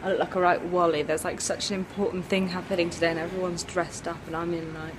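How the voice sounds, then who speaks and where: A woman's voice: lowish voice, level tone, fast talker, noisy background. A young woman in her twenties, chatting casually to camera in a rambling travel vlog, with lots of fillers. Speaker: vlogger.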